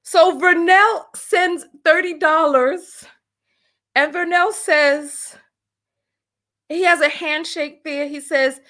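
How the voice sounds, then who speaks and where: A woman's voice: very high-pitched, steady tone, slow, fairly bright tone. A woman hosting a casual livestream, reading donations aloud, laughing often and exclaiming "oh my Lord" and "have mercy.". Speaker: livestream host.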